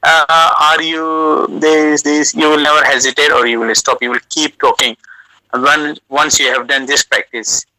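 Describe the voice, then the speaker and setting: A man with a South Asian native language who lives in the United Kingdom gives relaxed advice about language on an audio call. His fairly high voice is sharp and forceful yet flat in delivery, halting and slow with many uhs and restarts. The recording is dry, close, and low in quality.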